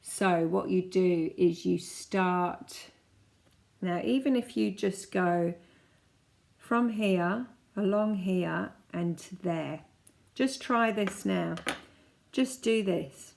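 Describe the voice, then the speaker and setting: A woman in her forties, a kinesiology practitioner, chatting casually as she guides listeners through calming exercises step by step. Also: mid-range voice, gravelly. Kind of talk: casual self-help teaching.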